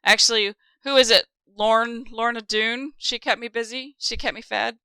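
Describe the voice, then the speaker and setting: A woman co-hosting a podcast in casual, rambling chat, quick to laugh and tired after a long drive. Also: a little high, steady tone, pushed and bright, smooth, no echo, rough recording. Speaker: podcast co-host.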